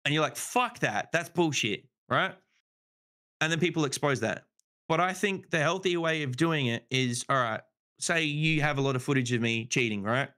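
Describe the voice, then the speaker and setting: A man's voice: fairly high pitch, moderate pace, sharp tone. A man rambling in casual podcast chat, swearing freely and saying "you know" a lot. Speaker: podcast guest.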